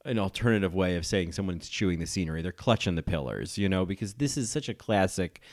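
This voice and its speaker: A man hosts a podcast and talks through a film scene in casual commentary. He is animated and gushing, with campy asides, and his voice sits on the low side. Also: quick pace. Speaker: podcast host and film reviewer.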